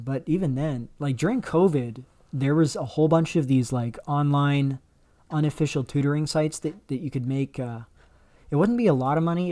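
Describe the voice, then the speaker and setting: A man's voice: mid-range voice, darkish tone. A man hosting a casual livestream, rambling through chat questions with many fillers and restarts. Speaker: livestream host. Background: dog barking faintly.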